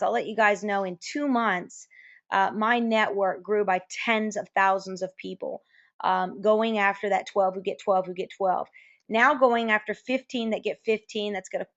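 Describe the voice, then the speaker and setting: A woman's voice: mid-range voice, muffled recording. Upbeat woman hosting a webinar. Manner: upbeat, effusive, talks fast with fillers. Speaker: webinar host. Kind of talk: sales webinar presentation.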